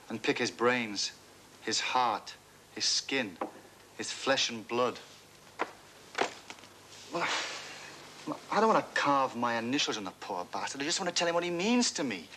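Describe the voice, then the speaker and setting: A man's voice: mid-range voice, expressive, normal speed, pauses often, sharp tone, a little hiss or hum. An actor playing an earnest man, an anxious fan who rambles and second-guesses himself, in a 1980s broadcast drama. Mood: musing. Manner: musing, self-doubting, talking himself in and out of ideas. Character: earnest adult male fan rehearsing a speech, anxious and rambling.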